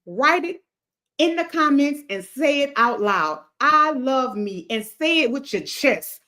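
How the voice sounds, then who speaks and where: A woman's voice: sits high, big pitch swings, measured pace, pushed and bright. A woman hosting a motivational livestream, talking to her chat in an emphatic, repetitive cadence like a preacher. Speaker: livestream host.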